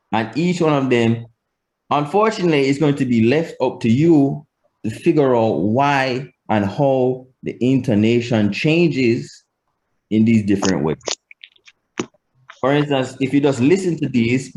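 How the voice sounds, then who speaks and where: A man teaching a language lesson, explaining slowly and deliberately, swinging his pitch to demonstrate. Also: darkish tone.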